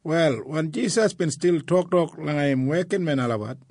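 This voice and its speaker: A man with an Australian Kriol accent narrates a story in an even, unhurried way. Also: on the high side, dry recording, clean studio sound. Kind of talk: scripted narration.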